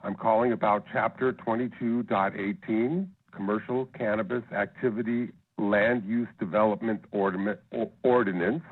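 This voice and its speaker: Firm, husky male caller. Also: lowish voice, steady tone, normal speed, few pauses. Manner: firm and insistent. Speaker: caller giving public comment. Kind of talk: read prepared statement. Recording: tinny phone line.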